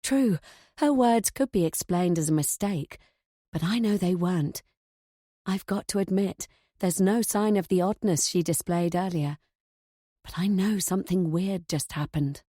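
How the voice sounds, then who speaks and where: A woman's voice: fairly low pitch, unhurried, dark tone, dry recording, studio quality. A woman reading a first-person thriller audiobook in a tense, confiding way. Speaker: audiobook narrator.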